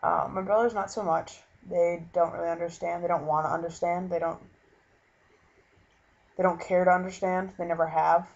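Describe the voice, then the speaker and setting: A young man from Minnesota talking earnestly in a casual vlog, halting and full of fillers as he retells a conversation. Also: high voice, fairly even intonation, creaky. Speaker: vlogger. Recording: dull lo-fi webcam recording.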